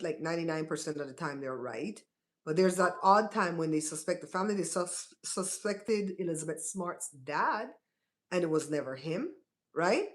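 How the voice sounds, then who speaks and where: A woman hosting a casual live stream, chatting to her viewers and often checking in with "right?". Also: lowish voice. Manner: chatty, talks straight to her chat with many "right?" asides.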